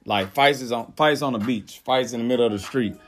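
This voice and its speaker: A man's voice: mid-range voice, fairly quick, fairly bright tone, faint music behind. A young man from Mississippi with a Southern accent, co-hosting a casual podcast and telling stories in a loose, profane way. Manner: loose, profane storytelling with playful voice switches. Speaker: podcast co-host.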